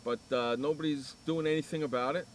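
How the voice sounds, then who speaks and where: A man's voice: a little high, steady tone, brisk, a little hiss or hum. A man hosting a sports radio show, telling a profane, ranting story in casual chat.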